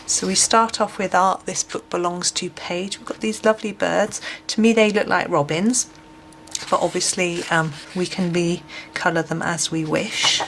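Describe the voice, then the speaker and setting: Gentle, hesitant woman over steady hiss. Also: fairly low pitch, moderate pace. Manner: gentle, hesitant, frequent ums, drops to near whisper while unwrapping. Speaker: colouring book reviewer. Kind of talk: casual flip-through review. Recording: steady background noise.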